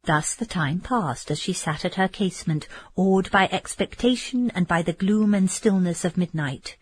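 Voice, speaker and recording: A woman narrating a classic novel as an audiobook, in a measured, expressive reading with a breathy voice. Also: fairly low pitch, a little hiss or hum. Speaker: audiobook reader.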